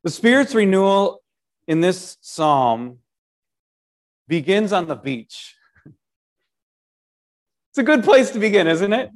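A man giving a short devotional sermon in an animated, conversational way, often restarting his sentences and asking the listener rhetorical questions. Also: sits high, takes it slowly, pauses often. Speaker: preacher.

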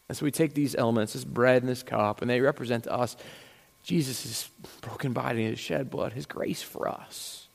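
A male pastor preaching in a church sanctuary, his voice ringing out in the hall's long reverb. He tells a story and acts out its dialogue, with restarts and repeated words. His pitch sits at a middle level. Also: moderate pace, creaky. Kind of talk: sermon storytelling.

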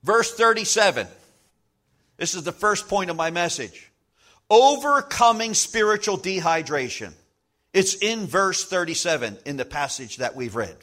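A man preaching a sermon as pastor, emphatic, slowing down to stress key lines and acting out little everyday scenes. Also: high voice, big pitch swings, sharp tone.

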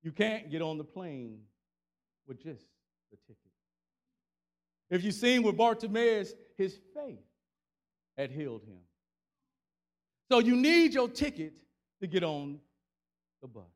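A man delivering a sermon with a strikingly high voice for a man. He preaches in a loose, colloquial way, stacking repeated phrases in a steady rhythm. He swells from quiet, low passages into full shouts as he works the congregation. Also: slow, long pauses. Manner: rhythmic repetition building to shouted climaxes; colloquial preaching with call-and-response.

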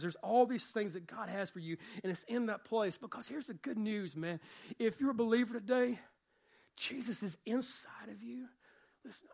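A man preaching a sermon as pastor, emphatic, swinging between loud passages and hushed ones, with casual slang asides. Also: sits high, vocal fry.

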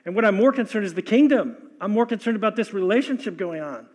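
A preacher voicing a repentant tax collector. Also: male voice, high-pitched, animated, quick pace, a little mellow. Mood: earnest. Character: repentant male tax collector, newly generous.

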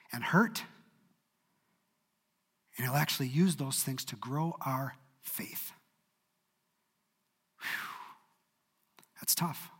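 A man preaching a sermon in a church, expressive and dramatic in his delivery. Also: a little high, in a large hall. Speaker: pastor.

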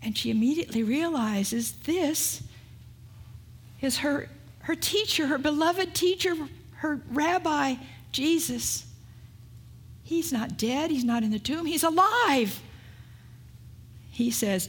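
Slow-speaking woman preaching a sermon. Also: a little high, lively intonation, slightly rough. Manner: unhurried storytelling with rhetorical questions. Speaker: pastor.

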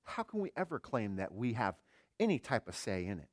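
A man's voice: fairly low pitch, very animated, fairly quick, no echo, studio quality. Earnest middle-aged male pastor preaching. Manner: earnest, rhetorical questions, swings between quiet and emphatic. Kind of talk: sermon.

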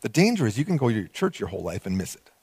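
A male pastor preaching a sermon, animated and conversational, acting out quoted voices with small laughs. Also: on the low side, rapid-fire, slightly rough, dry recording.

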